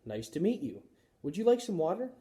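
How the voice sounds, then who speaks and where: A mother in a storybook tries out her first English phrases, slow, careful and very polite, as a man pitches his voice up for her. Her voice sits much higher than the reader's own and stays mellow. Every phrase sounds rehearsed and gentle. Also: very animated.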